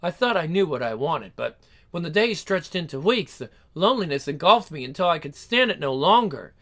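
A man's voice: a little high, sing-song, brisk, fairly bright tone. A man voicing a headstrong young woman who tells her own story with melodramatic flair. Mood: wistful.

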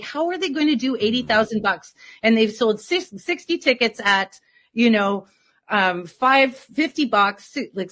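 A woman's voice: on the high side, a bit bright. Rambling woman telling a story. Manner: rambling, many fillers. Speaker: interview guest. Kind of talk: casual storytelling.

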